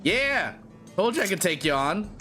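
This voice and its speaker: A young man streams a game and chats in a playful, animated way. His voice sits high for a man. It swings widely as he riffs. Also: moderate pace, faint music behind. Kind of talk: live game commentary and dialogue reading.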